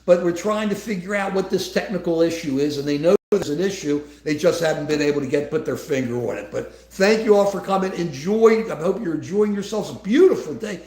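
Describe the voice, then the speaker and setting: A man's voice: high voice, a little mellow. A man co-hosting a casual political livestream, talking in a rambling way with many restarts. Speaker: livestream co-host. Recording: echoey room.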